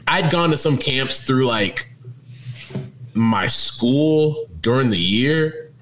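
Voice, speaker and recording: A man's voice: medium pitch, animated, takes it slowly, a bit bright, soft background music, rough recording. A man co-hosting a podcast, chatting casually, teasing and laughing often. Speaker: podcast co-host. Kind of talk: casual chat.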